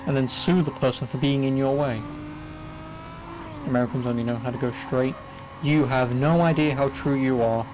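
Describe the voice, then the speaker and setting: A man's voice: medium pitch, steady tone, moderate pace, noisy background. A young English man with an English accent giving sarcastic, swearing, casual commentary as he streams a racing game. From England. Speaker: gaming streamer. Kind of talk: casual let's-play commentary.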